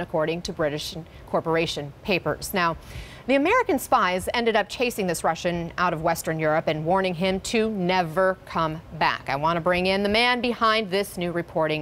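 Woman news anchor, clear broadcast read. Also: mid-range voice, a bit bright, a little hiss or hum. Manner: clear, measured broadcast delivery.

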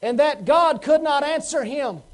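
A pastor delivers a Sunday sermon in a church sanctuary. His voice sits unusually high for a man. He presses the congregation with questions and acts out the lines of the people in his stories. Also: measured pace, rough recording. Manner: preaching with rhetorical questions and acted quotes.

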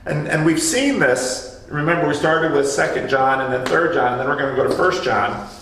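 A man's voice: a little high, normal speed, a bit bright, slight background noise. Man teaching a Bible study in an echoey room. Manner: explanatory, storytelling, restarts phrases. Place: church meeting room. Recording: echoey room, mic from a distance.

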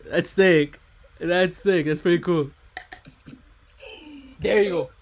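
Young male host, teasing and excitable, slightly raised pitch, faint noise under the webcam audio. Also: takes it slowly. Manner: teasing, hyped, calls everyone bro. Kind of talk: playful chat with strangers online. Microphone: webcam video chat.

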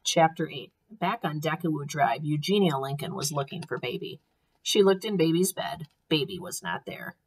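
A woman teacher reading a storybook aloud to young children, with expressive, clear storytelling. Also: low-pitched, moderate pace.

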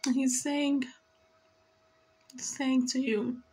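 A tearful woman speaks through an emotional spiritual reading, her voice pitched high. She talks slowly and earnestly, pleading and scolding by turns. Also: fairly even intonation, warm tone, breathy edge, poor audio. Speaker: spiritual reader.

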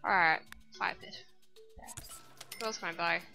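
A young woman giving casual, profane let's-play commentary, reacting loudly and insulting her own game character. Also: on the low side, measured pace, vocal fry, faint music behind. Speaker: gameplay commentator.

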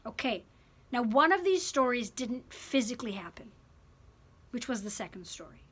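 Bright-voiced woman teaching a lesson. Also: on the high side, normal speed, slightly rough. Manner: animated, emphatic, repeats words for effect. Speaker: religion teacher. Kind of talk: classroom lecture.

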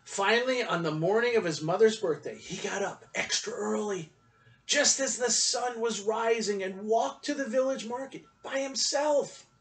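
High-voiced man telling a children's story. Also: moderate pace, distant mic, low-quality recording. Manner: expressive storytelling. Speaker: church storyteller.

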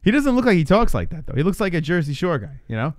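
Hosting a live stream, a man with a fairly high voice and big pitch swings talks fast, reacting casually in a laid-back, joking manner and swearing freely. The audio is studio quality with no echo.

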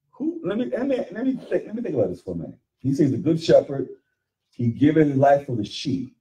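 A man teaching scripture in call-and-response, pressing his listeners with repeated questions. His pitch swings widely as he drives each point home. He is picked up from across the room. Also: sing-song, fairly quick, mellow, far from the mic, slight background noise, rough recording. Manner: emphatic, questioning, repeats phrases. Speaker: teacher leading Bible study.

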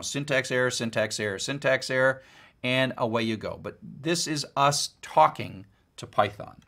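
A man's voice: mid-range voice, fairly bright tone. A middle-aged man, a university lecturer, giving a recorded course lecture in a conversational, folksy way with playful examples.

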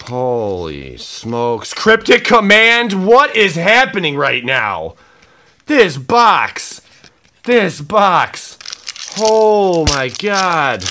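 Excitable man opening trading card packs. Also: mid-range voice, a little hiss or hum. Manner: excitable, exclaims often, swings between shouting and muttering. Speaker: card-opening channel host. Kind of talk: excited unboxing vlog.

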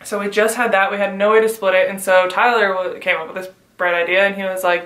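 A woman's voice: mid-range voice, steady tone, quick pace, hardly any pauses, a bit bright, roomy sound, low-quality recording. A young woman vlogger casually telling a wild personal story, swearing often and laughing through it. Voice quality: frequent swearing.

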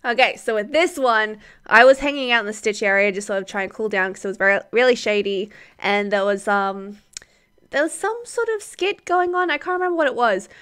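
A woman in her twenties chatting casually as a YouTuber in a reaction vlog, gushing and excitable and laughing often. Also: mid-range voice, fast talker, few pauses, clear, resonant tone. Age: 20s.

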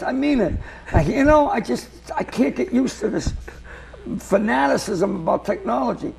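A comedian, telling rambling, self-mocking jokes as a talk-show guest. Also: male voice, sits high, animated, normal speed, creaky, darkish tone. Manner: jokey, digressive, self-mocking. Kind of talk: rambling comic storytelling in an interview.

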